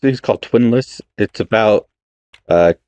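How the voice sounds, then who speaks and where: A young man co-hosting a film podcast, talking hesitantly with many pauses and restarts. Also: fairly low pitch, a little mellow, clear, resonant tone, no room sound. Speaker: podcast co-host. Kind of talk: casual film podcast chat.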